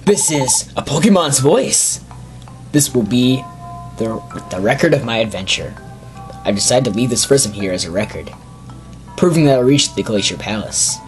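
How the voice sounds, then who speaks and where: A heartfelt young male colt Pokemon, its video game voice pitched a little low and earnest, as a man puts it on. It speaks with solemn sincerity as if leaving a message for a future adventurer. Loud game music plays underneath. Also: animated, normal speed, lightly acted, poor audio.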